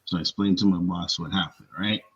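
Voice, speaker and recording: A man on a talk show panel, telling a workplace story in casual chat, animated and profane. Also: sits low, a little fast, breathy edge, dull audio. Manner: animated storyteller, profane, acts out others' lines.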